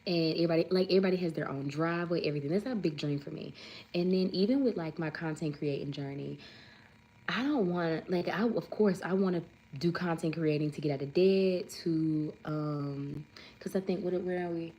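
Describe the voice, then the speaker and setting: A woman's voice: deep voice, brisk, mellow, muffled recording. A woman, hosting a casual livestream chat, rambling and saying "like" often. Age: 30s. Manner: chatty, rambling, says "like" often; reads viewer comments aloud. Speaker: livestream host.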